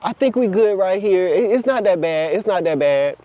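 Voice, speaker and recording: A man's voice: sits high, lively intonation, moderate pace, warm tone, no room sound, voice pushed up. A man voicing reluctant friends and family who refuse to change, sounding defensive and dismissive.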